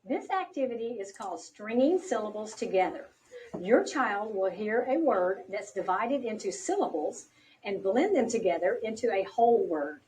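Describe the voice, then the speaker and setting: Woman narrator, bright animated delivery, encouraging and clear, recorded a bit off-mic. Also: medium pitch, a little hiss or hum. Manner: slow, clearly paced, encouraging teacher talk. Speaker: instructional video narrator. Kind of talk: scripted instructional narration. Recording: distant from the mic.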